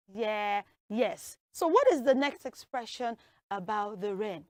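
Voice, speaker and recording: Animated woman teacher, high-pitched, dry close sound. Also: unhurried, no echo. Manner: animated, acts out everyday scenes. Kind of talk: English usage lesson. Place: television studio.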